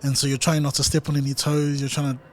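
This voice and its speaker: A young man hosts a casual podcast interview, speaking thoughtfully and hedging with fillers. His voice is fairly high-pitched, fast, and completely flat in delivery.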